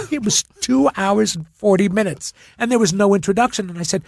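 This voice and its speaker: Slightly fast and high-pitched with vocal fry, this man is a guest telling anecdotes in a casual interview. He acts them out with animation, stammering and restarting along the way, and there's no room sound.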